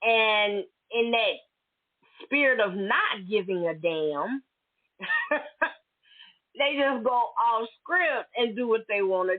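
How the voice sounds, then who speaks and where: A woman hosting a solo podcast, venting bluntly and emphatically in casual, profane talk. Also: mid-range voice. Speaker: podcast host. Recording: tinny phone-like audio.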